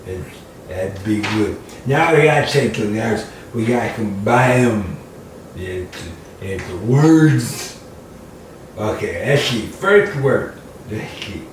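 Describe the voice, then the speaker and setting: Distant, echoey man doing slow comedy. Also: on the low side, expressive, slight background noise. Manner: playful, mock-confused, talks to an imagined audience. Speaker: preacher doing a comedy routine. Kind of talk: comedy routine. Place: room at home. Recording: distant mic in an echoey room with faint ambience.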